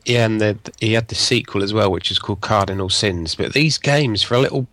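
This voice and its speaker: A man co-hosting a podcast, telling an excited, halting story in casual chat. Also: lowish voice, no echo. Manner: enthusiastic, hesitant storyteller with many restarts. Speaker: podcast co-host.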